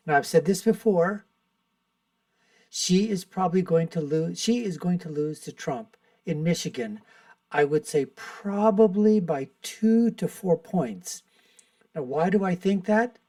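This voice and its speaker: Male commentary host, slow and mocking, dry and a little off-mic. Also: fairly high pitch, vocal fry, a little mellow, no echo, distant mic. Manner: mocking, repeats "folks". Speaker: show host. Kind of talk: political commentary monologue.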